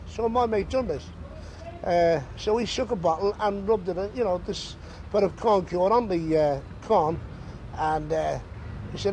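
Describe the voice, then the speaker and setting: A man's voice: sits high, normal speed, a little hiss or hum, low-quality recording. A man telling a funny anecdote, acting out the voices of the people in his story. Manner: lively yarn-spinning, acts out the voices in his story. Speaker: interviewee.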